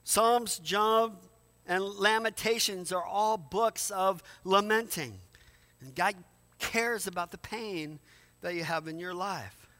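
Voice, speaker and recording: A man's voice: high voice, slow pace, sharp tone. A man preaching a sermon in a conversational way, often repeating words and asking rhetorical questions. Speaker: pastor.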